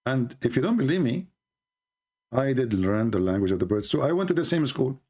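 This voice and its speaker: Male debate host, husky voice with lively swings in pitch, sarcastic and mocking, keeps throwing rhetorical questions. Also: a little fast. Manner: tosses rhetorical questions at listeners. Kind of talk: live online debate commentary.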